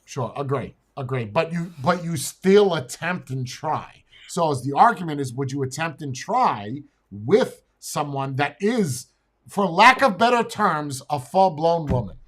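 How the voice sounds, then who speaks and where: A man's voice: fairly high pitch, lively intonation, a little slow, a bit bright. A man co-hosting a casual talk show, blunt in his opinions, who repeats words and stammers as he tells a long story.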